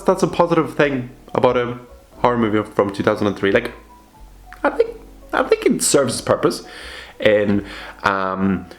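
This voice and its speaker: A young man chatting casually to camera, rambling and swearing freely as he talks about old horror films. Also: mid-range voice. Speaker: video creator reviewing films. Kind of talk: casual vlog commentary.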